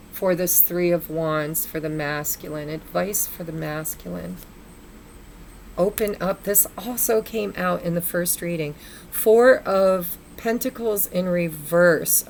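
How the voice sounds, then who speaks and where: Gravelly-voiced woman reading tarot cards. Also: fairly low pitch, a little hiss or hum. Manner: muses aloud while drawing cards, addresses spirit and viewers. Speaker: tarot reader. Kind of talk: casual spoken tarot reading.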